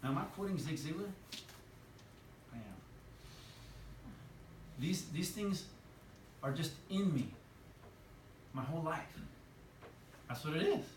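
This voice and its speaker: A lively male sales trainer speaks to a roomful of trainees with a fairly high, bouncing voice that swings up and down. He pitches questions at the audience. The recording sounds roomy and distant, with a faint hiss. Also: slow pace, long pauses. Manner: enthusiastic, animated, asks the audience questions. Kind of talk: live motivational seminar talk. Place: training room with a live audience. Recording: echoey room from far off, light hiss.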